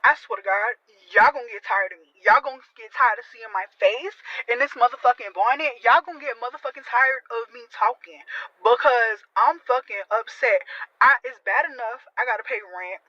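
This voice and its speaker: Pregnant woman, bright, upset profane rant; dry, dull recording. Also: on the high side, normal speed, no room sound. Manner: profane, lists complaints. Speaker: person in a viral clip. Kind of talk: angry rant. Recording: dull tinny dry sound.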